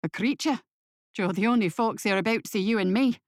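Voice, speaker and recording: A woman voicing a gruff, practical male thief who talks bluntly and dismissively, in a storybook reading. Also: mid-range voice, a little fast, no room sound, studio quality, close to an everyday voice.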